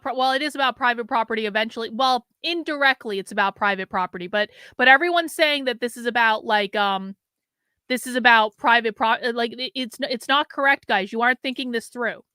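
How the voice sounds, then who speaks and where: A woman hosting a livestream, talking back to her chat with a sarcastic edge and many quick restarts. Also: on the high side, pushed and bright, smooth, no echo. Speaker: show host. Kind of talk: livestream commentary.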